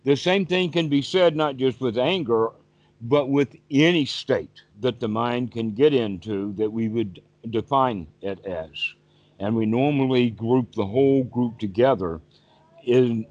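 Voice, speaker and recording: A man's voice: mid-range voice, darkish tone. A male meditation teacher giving a patient, repetitive teaching talk over a video call. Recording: dull, dry lo-fi call audio.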